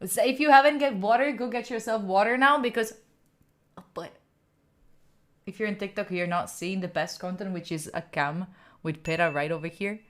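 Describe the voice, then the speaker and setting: A woman's voice: mid-range voice, moderate pace, fairly bright tone. A woman from Italy hosting a study live stream, chatting playfully with her viewers, laughing and swearing often. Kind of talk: casual live-stream chat.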